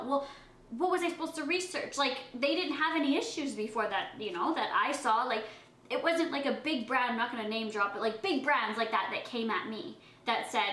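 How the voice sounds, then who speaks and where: A woman's voice: on the high side, fairly quick, sharp tone, reverberant, low-quality recording. A young woman vlogger chatting casually while eating, talking in a defensive, emotional way. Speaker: beauty vlogger. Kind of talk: casual eating-show vlog talk.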